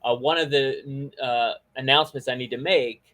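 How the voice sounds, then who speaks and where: A man hosts a casual talk show podcast, chatting in a rambling, friendly way with plenty of fillers and restarts. His medium-pitched voice has fairly even intonation, a moderate pace, and a fairly bright tone.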